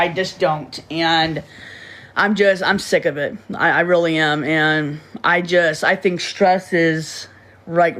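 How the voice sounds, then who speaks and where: A woman's voice: low-pitched, fairly bright tone. Rambling woman livestreaming to viewers. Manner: rambling, repeats words and restarts often; blunt and swears freely. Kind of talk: casual livestream chat to viewers.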